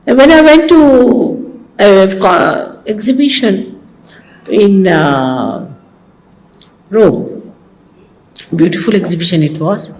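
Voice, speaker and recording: An older woman with an Indian accent, a spiritual teacher giving an informal talk full of rambling stories, asides and gentle mockery, heard in an archival recording. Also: fairly high pitch, poor audio.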